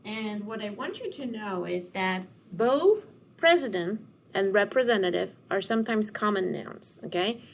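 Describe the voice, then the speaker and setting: A woman's voice: medium pitch, expressive, creaky, slight background noise. Woman teacher sounding out syllables. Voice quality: slow, deliberate classroom delivery, stretching out words. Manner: encouraging, sounding words out syllable by syllable. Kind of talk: recorded classroom lesson for children.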